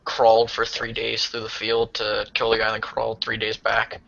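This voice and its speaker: A man's voice: on the low side, completely flat delivery, normal speed, gravelly, a bit bright, muffled recording. A man bantering and joking casually in a voice chat.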